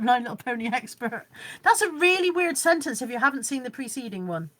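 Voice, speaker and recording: A woman chats away on a live stream from her home, reading out viewer comments and replying to them. She rambles and laughs at herself over technology. Her voice sits a little higher than most women's. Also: lively intonation, brisk, few pauses, a bit bright. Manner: rambling, chatty, self-deprecating about technology.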